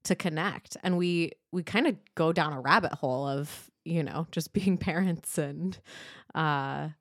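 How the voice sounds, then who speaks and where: A woman co-hosting a podcast in casual chat, chatty and quick to laugh. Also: deep voice, no room sound, studio quality. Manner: chatty, laughs often, filler "like". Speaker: podcast co-host.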